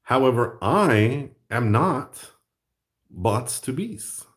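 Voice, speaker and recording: A man with a medium-pitched, very animated voice talks extremely slowly while drawing on his own channel. As host he chats casually, rambling and joking with plenty of self-mockery.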